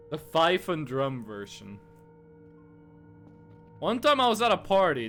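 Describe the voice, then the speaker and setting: This young man's high voice comes across pushed and bright as he chats casually during a gaming live stream. Speaking into a desk mic at home, with a webcam on his monitor, he wanders through stories full of filler words.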